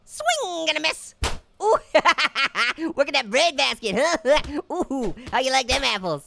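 A squeaky, cackling cartoon orange. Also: very animated, slow, gravelly, bright, forceful tone, slight background noise, full character voice. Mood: taunting glee. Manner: taunting, giggly, constant cackling laughs and wisecracks. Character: cheeky, hyper male cartoon orange. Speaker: gameplay commentator. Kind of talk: comedic VR boxing playthrough commentary.

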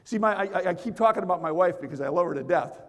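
A fairly high-voiced man leads a lively seminar, joking with volunteers and calling out to the crowd. His voice carries a long hall reverb. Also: fast. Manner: playful, teasing, call-and-response with the crowd. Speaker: motivational speaker and magician. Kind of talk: energetic seminar talk with audience participation. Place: large hall with audience.

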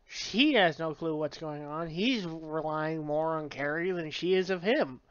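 A book reviewer rambling through a casual review, full of fillers and swearing. The delivery is slow and unhurried, and the voice is smooth and clear. It sounds close, dry and a bit dull. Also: mid-range voice, no echo. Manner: rambling, filler-heavy, profane.

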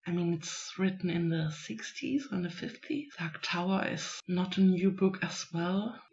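A woman, a writing vlogger musing aloud to herself in a casual, unhurried way. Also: lowish voice, creaky, darkish tone. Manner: musing, unhurried, self-talking. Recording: dull lo-fi recording.

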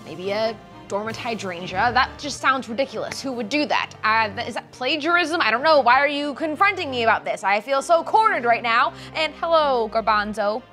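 A woman's voice: a little high, lively intonation, normal speed, faint music behind. A woman playing a brash, indignant older lady who claims she founded a bean company, in a comedy sketch. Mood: defensive. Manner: loud, brassy, indignant, drawling.

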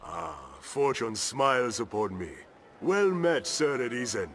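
A courteous medieval knight. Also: male voice, mid-range voice, sing-song, unhurried. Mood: courtly. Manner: formal, archaic diction. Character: courteous medieval male knight, fond of archaic speech. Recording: game audio under loud music.

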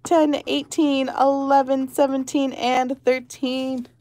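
Scratching tickets on her lottery channel, this woman reads the numbers out one at a time, giggling and chatting casually. She speaks slowly in a high voice that's level and darkish in tone.

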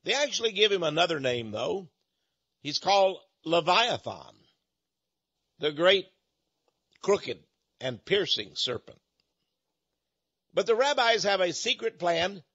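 A man preaching in an impassioned monologue, emphatic and prone to halting repetitions. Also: sits high, sing-song, fairly bright tone, slightly rough, lo-fi sound. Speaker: radio preacher.

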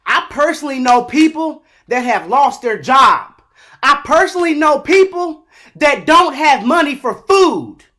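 This very animated, high-voiced American commentator keeps a measured pace through an exasperated political rant aimed at the camera. Repeating rhetorical questions and saying "y'all" to his viewers, he turns emphatic and at times shouts.

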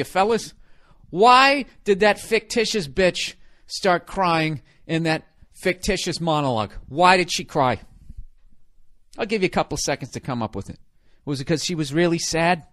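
Profane ranting comedian, fairly high voice. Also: male voice, animated, moderate pace, sharp tone. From United States. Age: 40s. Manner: profane, sarcastic, conversational rant. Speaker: comedian podcast host.

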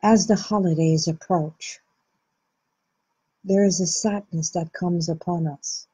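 A woman hosting a reflective self-help talk, speaking slowly and gently with soft pauses. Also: lowish voice, steady tone, breathy edge. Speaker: host.

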